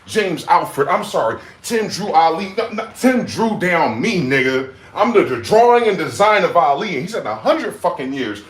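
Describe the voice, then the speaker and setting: A man in his forties hosting a livestream, ranting with heated outbursts that drop to low mutters. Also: big pitch swings, normal speed, hardly any pauses. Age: 40s. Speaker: livestream host. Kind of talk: profane rant. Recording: echoey room with faint background noise.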